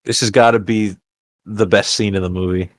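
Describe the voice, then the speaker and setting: A man's voice: on the low side, normal speed, dry recording. Male co-host, jokey sarcastic banter, dry close-miked sound. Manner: animated, joking, sarcastic. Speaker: podcast co-host. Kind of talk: casual chat.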